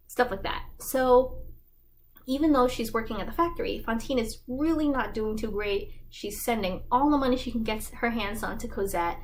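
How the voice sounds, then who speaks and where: A woman's voice: a little high, normal speed, slight background noise, low-quality recording. A woman giving a casual, slangy plot summary, chatty and full of likes. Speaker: fandom explainer host.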